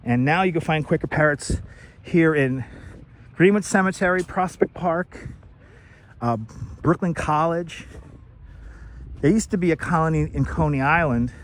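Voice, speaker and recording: A man's voice: on the high side, a little slow, long pauses. A man hosting a walking tour livestream outdoors in a city cemetery, chatty and greeting viewers by name, a little out of breath from walking uphill. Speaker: livestream host. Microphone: wireless clip-on mic.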